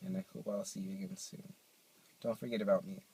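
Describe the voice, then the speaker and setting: A man's voice: sits low, brisk, creaky, husky, rough recording. Chatty young man vlogging on a phone. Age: young adult. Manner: chatty, animated storytelling with playful asides. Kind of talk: casual chat to camera.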